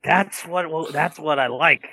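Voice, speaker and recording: A man's voice: on the high side, measured pace, pushed and bright, husky. A man co-hosting a podcast in easygoing casual chat, recapping plainly. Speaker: podcast co-host.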